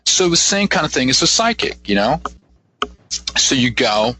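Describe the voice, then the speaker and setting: A husky-voiced man in his fifties tells stories as a guest on a radio talk show. His tone is bright and his pitch moves a lot. He rambles from one anecdote to the next and acts out the other people's lines. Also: normal speed, low-quality recording. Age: 50s. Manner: animated, rambling anecdotes with acted-out quotes. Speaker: guest psychic. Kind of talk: casual radio interview storytelling.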